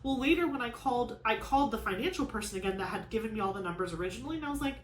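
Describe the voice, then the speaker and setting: Talking very fast in an expressive, somewhat high voice, this crafting channel host vents her frustrations while crafting, filling her rambling chat with "like." The echoey room has faint ambience, and there's a little hiss or hum.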